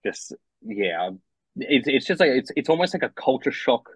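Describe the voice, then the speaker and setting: A young Australian musician being interviewed, talking casually and hesitantly, with many restarts and fillers. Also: male voice, medium pitch, big pitch swings, normal speed, fairly bright tone, husky, no echo. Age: young adult. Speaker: musician guest. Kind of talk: casual chat. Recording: dull, lo-fi dry recording.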